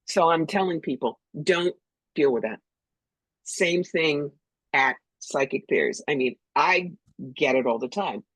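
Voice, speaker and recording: A woman's voice: low voice, lively intonation, unhurried, breathy edge, no echo, low-quality recording. An older woman from New York, a psychic medium being interviewed, talking bluntly and animatedly and acting out other people's voices. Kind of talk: storytelling interview talk.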